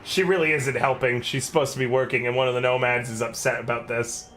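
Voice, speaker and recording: A man's voice: medium pitch, steady tone, quick pace, a bit bright, slight background noise. A man running a tabletop role-playing game as game master, laughing and explaining the rules.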